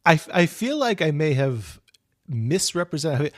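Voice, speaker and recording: A man's voice: fairly high pitch, very animated, a little slow. A man co-hosting a podcast in casual chat, joking with crude humor and laughing easily. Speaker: podcast co-host.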